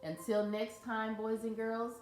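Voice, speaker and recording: A woman reading a children's story aloud in a warm, teacherly storytime style. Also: on the high side, unhurried. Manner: expressive, teacherly. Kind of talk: storytime read-aloud for kids. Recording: echoey room with faint music.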